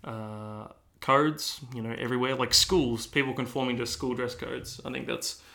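A man's voice: mid-range voice, fairly even intonation, moderate pace, creaky, sharp tone. A young man co-hosting a podcast, chatting casually with lots of fillers and restarts. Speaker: podcast co-host. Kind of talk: casual chat.

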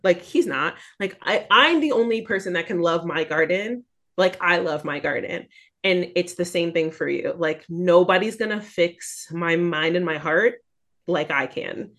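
Young woman, interview guest, lowish voice, candid and lively, acts out her thoughts. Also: a little slow. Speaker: guest, actress and singer. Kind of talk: casual interview chat.

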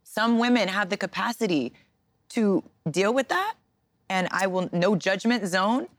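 A woman guest chatting in an interview, telling stories in a lively, animated way. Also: mid-range voice, unhurried, no room sound. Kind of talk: casual interview chat.

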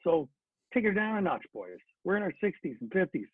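A gruff older hockey captain, blunt and commanding, as a man quotes him. The voice sits a touch high and sounds husky. It comes through a dry, narrow, phone-like line. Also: sing-song, brisk, dry recording, heavily acted. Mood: stern. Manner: firm, commanding.

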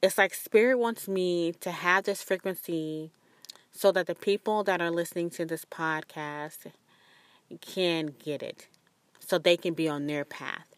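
A woman's voice: steady tone, measured pace, no room sound. A young woman hosting a spiritual podcast, talking in an earnest, rambling, confiding way. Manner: acts out quoted voices with sudden high pitch jumps. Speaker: podcast host.

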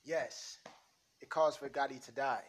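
A man reading a script aloud, playing a stern, measured crime boss laying down the rules in an amateur script reading. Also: medium pitch, husky, voice pushed up. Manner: measured, authoritative.

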